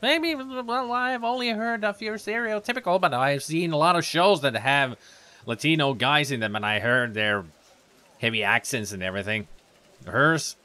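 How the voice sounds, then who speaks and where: A man's voice: on the high side, normal speed, bright, forceful tone. A man from Finland, a let's play host giving chatty, rambling gameplay commentary.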